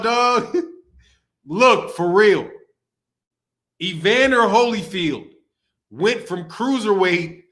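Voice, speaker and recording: A man's voice: high-pitched, pushed and bright. A man hosting a boxing livestream, ranting in a heated, profane way, laughing often and repeating himself, with speech. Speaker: boxing channel host. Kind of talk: livestream commentary rant.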